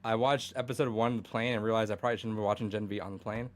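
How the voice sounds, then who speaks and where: A man's voice: lowish voice, steady tone, very fast. A young man co-hosting a podcast in casual chat, rambling with many fillers, restarts and swearing. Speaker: podcast co-host.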